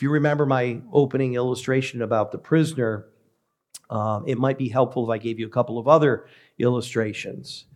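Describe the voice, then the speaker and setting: A man who is a pastor, preaching a sermon in a measured, emphatic way with deliberate pauses. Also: mid-range voice, fairly even intonation, a little mellow.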